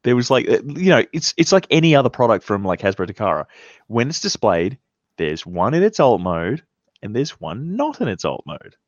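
A man co-hosting a podcast in casual chat, animated, acting out imagined quotes. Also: mid-range voice, normal speed, no echo, dull audio. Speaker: podcast co-host.

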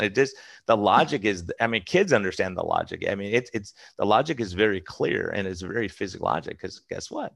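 Fast-talking gravelly man, a doctor. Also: fairly low pitch, expressive, fairly bright tone, no echo, studio quality. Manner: fast, emphatic, many restarts and acted-out quotes. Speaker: preventive medicine doctor. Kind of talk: casual interview talk.

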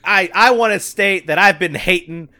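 Speaking at a moderate pace with a voice that sits high, a man from the American South chats on a podcast. He's animated and profane, laughing often as he tells stories.

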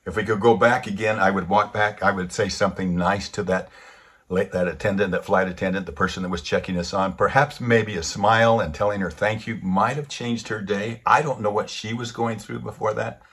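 A man giving a storytelling sermon, lively and animated, acting out the people in his stories. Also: fairly low pitch, a little fast, breathy edge. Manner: animated storyteller who acts out the quotes.

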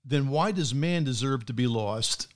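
A male pastor talks in an even, mid-range voice. He is earnest and measured, and sometimes reads aloud from prepared notes in a sincere tone. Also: medium pitch. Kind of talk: casual chat.

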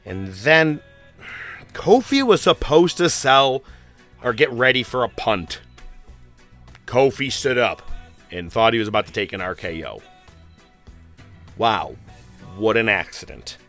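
A man's voice: medium pitch, sing-song, a little slow, pauses often, fairly bright tone, faint music behind. A man hosting a casual podcast, rambling and profane, with lots of fillers. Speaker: podcast host.

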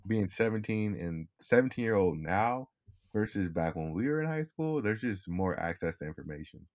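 A man's voice: on the low side, expressive, normal speed, darkish tone. A young man co-hosting a casual podcast, rambling easily with lots of restarts. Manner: rambling, restarts often, laid-back. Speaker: podcast co-host. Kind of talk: casual chat.

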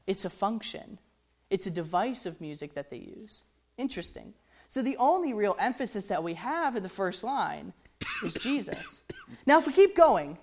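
A woman with a fairly high-pitched voice, a music teacher, explains how a hymn's melody works in a conversational way. She frequently asks "right?" and muses "interesting."

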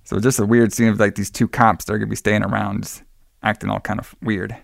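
A man's voice: on the low side, little pitch movement, normal speed, creaky, no room sound, studio quality. A man co-hosting a podcast, rambling casually as he retells a film's plot with loose, profane asides. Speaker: podcast co-host recapping a film. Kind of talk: casual chat.

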